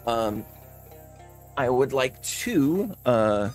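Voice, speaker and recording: A man's voice: mid-range voice, sing-song, very slow. A man hosting a let's play, chatting casually with lots of uh and um over faint game music. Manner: chatty, fills with uh and um.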